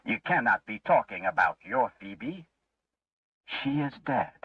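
A man's voice: medium pitch, big pitch swings, slow, slightly rough, no room sound, full character voice. A man voicing a blunt, plain-spoken farmer, heard on a muffled recording from a distance. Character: plain-spoken middle-aged male farmer.

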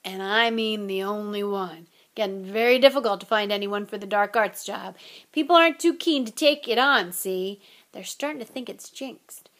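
A woman voicing a huge, gruff male half-giant groundskeeper who talks loudly and bluntly, growling, in an audiobook reading. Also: medium pitch, normal speed, close to an everyday voice. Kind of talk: audiobook character voice.

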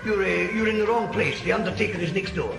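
A man's voice: high voice, quick pace, vocal fry. A man playing a fussy, flustered doctor in a comedy film, heard from a film clip with music behind.

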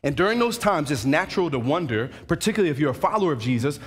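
A man pastor preaching a sermon in a church, animated, and he acts out the voices of churchgoers. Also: fairly high pitch, racing, hardly any pauses, slightly rough. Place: church sanctuary.

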